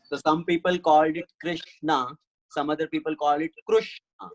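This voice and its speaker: A man's voice: fairly high pitch, little pitch movement, fast, darkish tone, poor audio. A man teaching a Sanskrit class online, patiently explaining step by step and answering questions.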